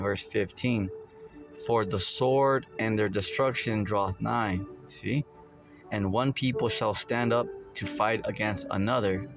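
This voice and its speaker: A man giving an informal religious talk, rambling with many filler words and quoting scripture. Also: medium pitch. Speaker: preacher.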